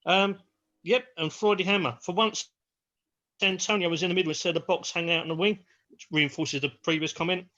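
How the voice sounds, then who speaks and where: A man's voice: high-pitched, fairly even intonation, brisk, bright, forceful tone. A middle-aged man on a live football panel, chatty, reading out forum posts. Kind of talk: live match chat. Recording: lo-fi home audio.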